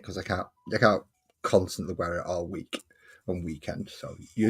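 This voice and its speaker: A man hosts a relaxed crafting livestream and talks in loose, rambling sentences, often stopping to correct himself. His voice sits a little low and has a husky edge. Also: normal speed. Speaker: livestream host. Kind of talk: casual livestream chat while crafting.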